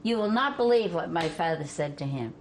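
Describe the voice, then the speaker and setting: An older woman from Vermont telling family stories in a folksy way, laughing as she goes and dropping her voice low for the men she quotes. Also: expressive, brisk. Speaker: storyteller guest. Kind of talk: family storytelling. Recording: faint background noise.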